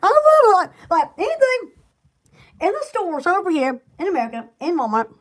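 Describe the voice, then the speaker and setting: A woman from Alabama chatting casually at home with her viewers, rambling and giggling, often restarting her sentences and breaking into excited exclamations. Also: very high-pitched, moderate pace. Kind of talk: casual chat.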